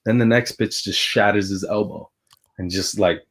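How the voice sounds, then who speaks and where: Speaking at a moderate pace with a New York accent, a former pitcher from Brooklyn, New York, shares a story as a guest in a relaxed conversation. He's animated and laughs while telling it.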